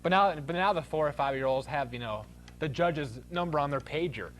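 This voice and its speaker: A man's voice: on the high side, fairly quick. A man hosting a talk show, ranting comically and bursting into shrieks and laughter. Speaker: host.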